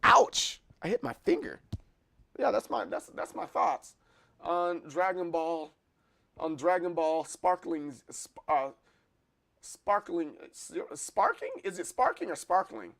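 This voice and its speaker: A man hosting a casual live stream, chatting with his viewers in a rambling way, with many restarts and bursts of excitement. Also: a little high, a little slow, creaky. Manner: rambling, restarts a lot, chuckles and gets excited. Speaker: livestream host. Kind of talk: casual chat answering live chat.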